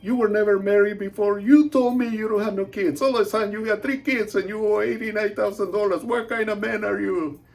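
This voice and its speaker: A man voicing a furious young wife who shouts accusations at her husband, within a told story. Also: high-pitched, fairly even intonation, brisk, vocal fry, hardly any pauses, far from the mic, voice pushed up.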